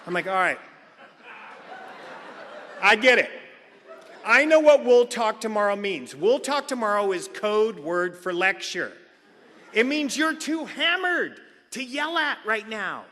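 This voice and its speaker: A man's voice: sits high, very animated, measured pace, long pauses, bright, forceful tone, slight background noise. A middle-aged man telling a comedic personal story at a recovery meeting, acting out other people's lines. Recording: long hall reverb.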